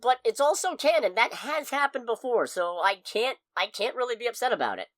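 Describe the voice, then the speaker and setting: A woman co-hosting a podcast, reviewing a movie in casual chat, expressive and swearing freely. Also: fairly high pitch, a little fast, dry recording. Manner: expressive, swears freely, loud outbursts of frustration. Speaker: podcast co-host.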